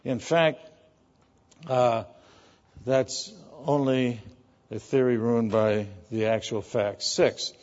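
A man's voice: mid-range voice, steady tone, slow, pauses often, a little mellow, highs cut off. A man preaching a sermon, reading scripture quotes with rising emphasis and explaining them in plain talk. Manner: emphatic, quoting scripture with raised voice.

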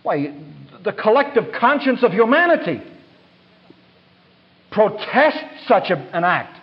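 A man's voice: high voice, sing-song, slow, lo-fi sound, pitched above the performer's own voice, full character voice. A man doing a sputtering outraged debater. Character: indignant flustered male radio debater.

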